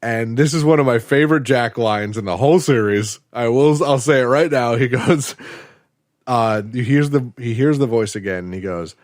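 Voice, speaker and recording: A man hosting a podcast, retelling an episode in a casual, animated storytelling way. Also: mid-range voice, normal speed, no room sound, studio quality. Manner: animated storytelling, acting out quotes. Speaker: podcast host.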